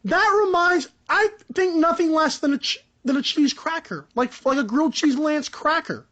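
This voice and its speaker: A young man hosting a solo sports podcast, ranting in a rambling, animated, joking way. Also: moderate pace, highs cut off. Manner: animated, rambling, joking, pitch jumps up for emphasis. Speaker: podcast host.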